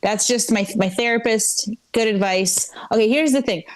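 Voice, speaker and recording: A woman's voice: fairly high pitch, normal speed, poor audio. A woman performing a live stand-up set at a comedy club, rambling and self-deprecating with many fillers and restarts.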